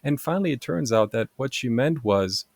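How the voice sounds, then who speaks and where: A German-born man in his forties, a podcast guest telling casual stories with animated energy and laughing at his own anecdotes. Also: mid-range voice, moderate pace, dry recording, studio quality. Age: 40s. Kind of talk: casual storytelling.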